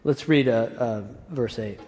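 A man's voice: medium pitch, a little slow, mellow. Conversational man preaching in a hall. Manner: conversational, enthusiastic preaching with asides. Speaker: pastor. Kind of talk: sermon. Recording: echoey hall.

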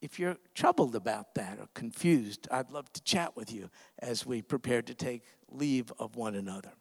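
A man preaching a sermon, telling an emotional story with frequent pauses and hesitations. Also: medium pitch, gravelly, darkish tone, breathy edge, in a large hall.

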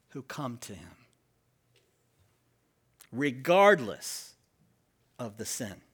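A man preaching as pastor, leading the congregation in call-and-response and stressing key words. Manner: slow and emphatic with lively pitch swings. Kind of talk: sermon.

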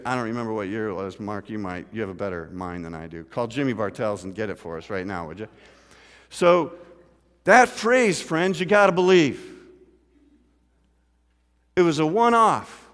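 A man's voice: on the low side, lively intonation, a little fast, smooth. A middle-aged man preaching a sermon as pastor, telling a story and asking the congregation questions. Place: church sanctuary. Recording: church hall with long reverb.

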